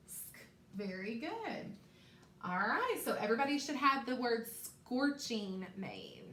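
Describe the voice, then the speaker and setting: A woman with a slightly high voice teaches a phonics lesson to young children. She talks slowly and encouragingly and repeats each sound for them to echo. The recording is echoey, with a faint hiss behind her. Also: a bit bright.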